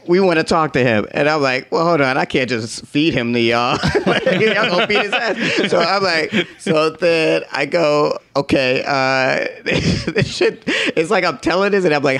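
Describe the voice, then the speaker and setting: A man's voice: on the high side, unhurried, hardly any pauses. A man telling a workplace story in casual conversation, laughing often and acting out what others said in slangy, profane talk. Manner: animated, laughs often, acts out quotes.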